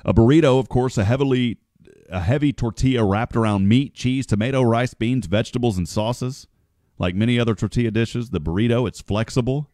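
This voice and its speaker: A man's voice: medium pitch, fairly quick, warm tone, no room sound, studio quality. A man hosting a morning radio show, chatting in a folksy, joking way and calling people "brother" and "man". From United States. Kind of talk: casual radio chat.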